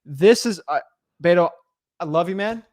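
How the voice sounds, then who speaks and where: A man's voice: high-pitched, moderate pace, a little mellow, no room sound. A young man co-hosting a live stream, talking emphatically and repeating his points. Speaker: co-host of a live real estate stream.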